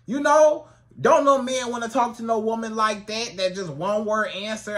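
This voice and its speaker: A man giving casual dating advice to the camera, animated and colloquial, repeating his phrases. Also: high voice, normal speed. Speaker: dating coach.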